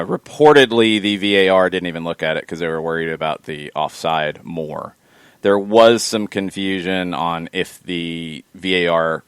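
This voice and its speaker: A man's voice: low voice, smooth, no echo. A man co-hosting a sports podcast, chatting casually and giving rambling, opinionated takes. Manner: rambling, opinionated, quick asides. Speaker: podcast co-host.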